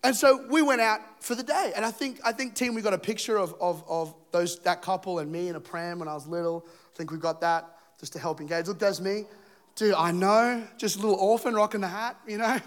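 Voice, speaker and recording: A man from England in his thirties preaches from a church stage. His voice sits high, and he tells his story with animated humor, acting out each scene. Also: fairly quick.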